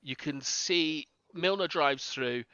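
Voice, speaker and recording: Man, tactical analyst, earnest and explanatory, bright tone, dull dry sound. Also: on the high side, slow, clear, resonant tone, no room sound. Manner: earnest, explanatory, with frequent ums. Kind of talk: live stream football analysis.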